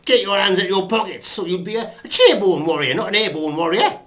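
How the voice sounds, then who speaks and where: An actor playing a bullying male army sergeant major who barks his orders loudly. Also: high-pitched, fairly quick, voice pushed up. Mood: barking. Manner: barking, loud.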